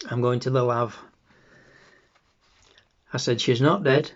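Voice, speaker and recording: A middle-aged man, recounting in a flat, deadpan way in a scripted dramatic monologue. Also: medium pitch, slow pace, natural voice. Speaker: actor in a monologue. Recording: dull lo-fi recording.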